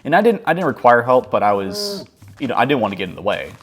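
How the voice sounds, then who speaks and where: A man's voice: mid-range voice, sing-song, fast, slight background noise. A man telling a casual story over gameplay, rambling along with many fillers like "like" and "um". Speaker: gaming channel host.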